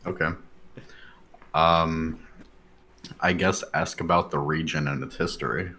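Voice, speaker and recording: A man playing a tabletop game, speaking in a hesitant, low-key way with fillers. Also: fairly even intonation, measured pace, bright, forceful tone, a little hiss or hum. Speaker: player.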